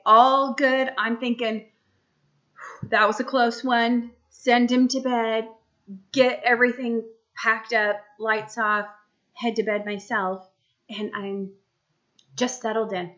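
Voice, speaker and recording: A mom vlogger in her thirties tells a story to camera at home, rambling chattily with lots of fillers and asides to the listener. Her voice is fairly high and a bit bright, though the audio sounds dull.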